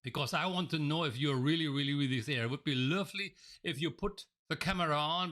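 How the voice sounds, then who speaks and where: A man's voice: on the high side, a little fast, few pauses, a bit bright. A man running a live online coaching training over a video call. He addresses viewers directly, reads out names from the chat and often repeats words as he restarts sentences. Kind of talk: interactive live webinar teaching. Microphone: video call microphone.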